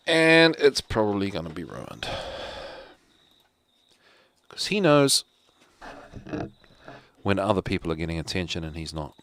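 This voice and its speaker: A man's voice: low-pitched, very animated, unhurried, pauses often, a bit bright. A man hosting a live show from home, rambling casually with joking asides. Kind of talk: casual rambling livestream talk.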